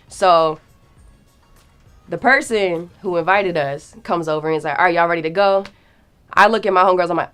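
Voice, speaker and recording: Her voice sits on the low side, clear and resonant, and she moves briskly as soft music plays underneath. The young woman is a guest storyteller whose casual, slangy telling comes alive when she acts out quotes with dramatic swings in pitch.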